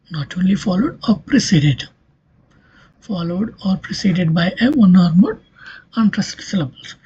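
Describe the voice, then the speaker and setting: Slow, breathy lecturer. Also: mid-range voice, darkish tone. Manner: explains step by step, repeats key terms, frequent "okay". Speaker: linguistics lecturer. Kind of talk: recorded exam-prep lecture. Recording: dull lo-fi recording.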